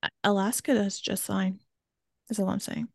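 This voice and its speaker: A woman raised in Georgia and southern Maryland, USA, co-hosts a podcast, presenting the research amid playful, jokey banter in casual chat. Her mid-range voice is gravelly and flat, at normal speed. The studio-quality recording has no echo.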